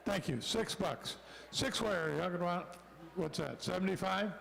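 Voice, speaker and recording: A man with a Southern American accent calling bids at a livestock auction in a rapid rhythmic chant, joking with the crowd between bids. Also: sits high, expressive, vocal fry, a bit bright, in a large hall, poor audio. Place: indoor livestock show arena.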